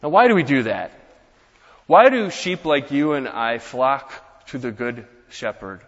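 Young man, pastor, earnest sermon, mid-pitched, rhetorical questions, lingering hall echo, muffled sound. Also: lively intonation, unhurried. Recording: muffled, echoey church hall.

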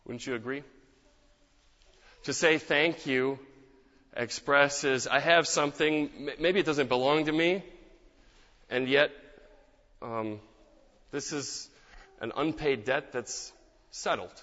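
A man preaching a sermon as pastor, in a measured, gentle way with reflective pauses. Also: mid-range voice. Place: church. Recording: dull sound with long hall reverb.

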